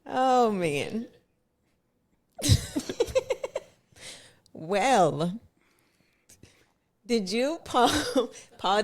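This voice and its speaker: A woman co-hosting a podcast, easygoing and casual as she asks questions. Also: low voice. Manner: easygoing, laughs often. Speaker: podcast co-host.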